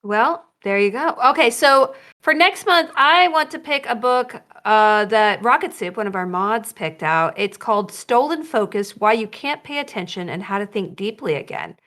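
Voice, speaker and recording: A woman hosting a book club, announcing the next book and news in a relaxed, upbeat way. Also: a little high, normal speed, hardly any pauses. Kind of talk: casual chat.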